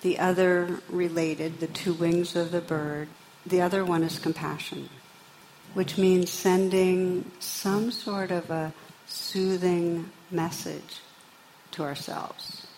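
A woman meditation teacher giving a talk to a live audience, gentle and unhurried, telling stories warmly. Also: on the low side, a little hiss or hum, low-quality recording.

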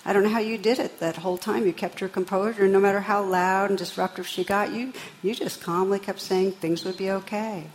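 A woman meditation teacher giving a talk to a live audience, gentle and unhurried, telling stories warmly. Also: mid-range voice, fairly even intonation, slight background noise, rough recording.

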